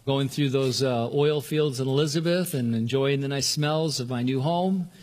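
An older man from Southern California preaching a sermon earnestly, often restarting words and lifting his pitch to stress a point. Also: moderate pace, a little mellow. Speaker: pastor.

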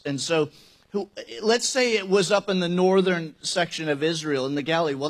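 In a church sanctuary, a pastor with a notably high, fairly bright voice preaches a sermon. His delivery starts conversational and turns emphatic as he poses rhetorical questions to the congregation and slips in wry jokes.

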